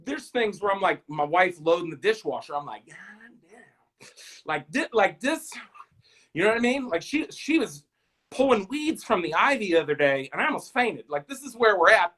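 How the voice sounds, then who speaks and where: A man's voice: high voice, big pitch swings, brisk, fairly bright tone, low-quality recording. A man in his thirties hosting a live stream, rambling through stand-up style jokes, self-deprecating and talking straight to his viewers.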